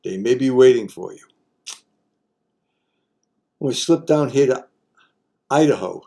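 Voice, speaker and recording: A man's voice: medium pitch, expressive, slow, creaky, warm tone. An older man hosting a casual explainer, talking in a folksy, wry way with joking asides. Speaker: host.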